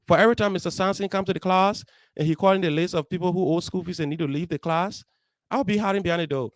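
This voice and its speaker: A man's voice: high voice, quick pace, no echo, studio quality. A young adult man with a Liberian English accent, host of a motivational show, telling his life story in an earnest, heartfelt way. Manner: earnest, heartfelt, acts out dialogue. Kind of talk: personal storytelling.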